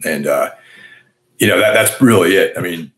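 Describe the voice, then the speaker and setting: Man with an extremely deep voice. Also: normal speed, a bit bright. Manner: laid-back, heavy use of "like" and "you know". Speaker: guest musician. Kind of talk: casual interview chat.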